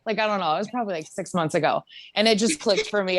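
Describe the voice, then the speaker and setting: A woman's voice: medium pitch, fast, few pauses, a little hiss or hum. A woman co-hosting a casual group video call, chatty and full of fillers. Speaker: co-host.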